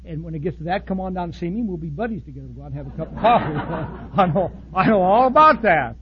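A man preaching a sermon in a blunt, folksy way, swinging from loud outbursts to soft asides. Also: high-pitched, animated, fast talker, dull audio, background noise. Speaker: pastor.

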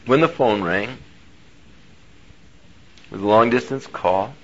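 A male pastor telling a personal story in a sermon, animated and moving between hushed and loud delivery. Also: lowish voice, slow, breathy edge. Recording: dull lo-fi recording.

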